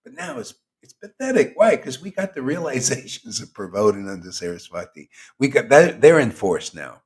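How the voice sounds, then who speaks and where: A man's voice: mid-range voice, very animated, moderate pace, a little mellow. A man hosting a devotional livestream who preaches in a casual, slangy, teasing way and laughs often. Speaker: spiritual teacher hosting a chanting session.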